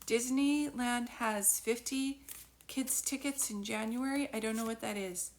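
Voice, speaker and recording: A woman's voice: a little high, steady tone, unhurried. A woman psychic medium telling a personal story on a live stream into a phone, in a chatty manner, breaking off now and then to thank viewers by name.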